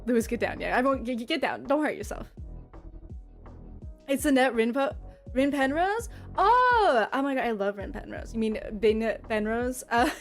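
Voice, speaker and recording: A woman's voice: fairly high pitch, lively intonation, normal speed, faint music behind. A young adult woman streaming live, bubbly and giggly as she reads and answers her chat. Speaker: livestreamer.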